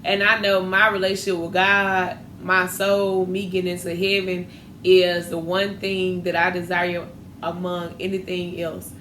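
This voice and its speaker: A woman's voice: lowish voice, flat delivery, measured pace, a bit bright. A woman hosting a podcast, talking candidly and animatedly about faith and dating. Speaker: podcast host. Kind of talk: casual faith talk. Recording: echoey room with faint noise.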